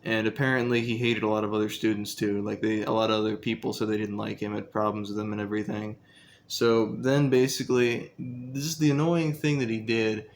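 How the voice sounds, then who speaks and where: A man's voice: lowish voice, flat delivery, fairly quick, a little hiss or hum. A young man casually telling a story about his school days, rambling and profane, with lots of fillers.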